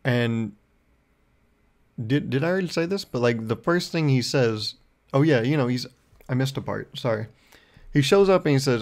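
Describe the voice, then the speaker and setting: A man's voice: medium pitch, lively intonation, normal speed, darkish tone. A young man hosting his own podcast, telling a rambling, profane story in a casual monologue. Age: young adult. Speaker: podcast host.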